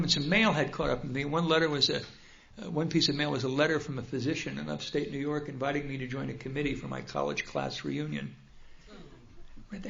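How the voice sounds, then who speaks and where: Gravelly older man telling his story. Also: a little high. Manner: humorous, self-deprecating and animated. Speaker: speaker at a recovery convention. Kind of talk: personal storytelling talk. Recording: dull, roomy hall recording.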